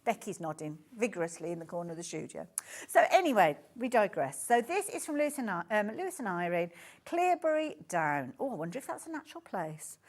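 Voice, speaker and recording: A woman's voice: medium pitch, sing-song, a little fast. A woman with a Birmingham accent presenting on a live shopping channel, chatty and gushing, often breaking off mid-sentence. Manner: chatty, gushing, self-interrupting. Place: TV studio.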